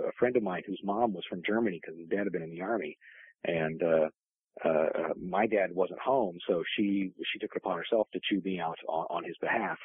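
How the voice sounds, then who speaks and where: A man's voice: low voice, creaky, husky, no room sound. A man telling family stories in a casual interview, rambling with many restarts and fillers. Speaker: guest author. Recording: tinny phone-line audio.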